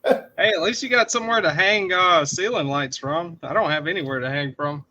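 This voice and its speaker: A man's voice: a little high, moderate pace, sharp tone. A laid-back man chatting casually on a livestream over a remote call, laughing easily and reading out chat comments. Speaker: livestream co-host.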